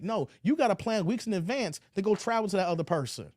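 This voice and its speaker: A man's voice: high voice, animated, quick pace, darkish tone, no room sound, studio quality. A man hosting a livestream, reading viewer comments aloud and reacting in laid-back slang. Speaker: livestream host.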